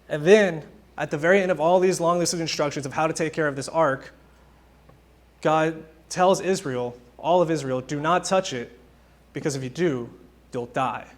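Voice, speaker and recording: A young man preaching a casual, conversational sermon, telling stories and acting out quotes informally. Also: fairly high pitch. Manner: informal, animated storytelling with acted-out quotes.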